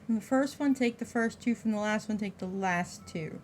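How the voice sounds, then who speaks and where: A woman streamer talks through a game in a casual, expressive way, cracking jokes as she goes. Her voice sits at a middling pitch for a woman. A faint hiss lies beneath it. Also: moderate pace. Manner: expressive, wisecracking, reads aloud. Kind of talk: casual live gameplay commentary.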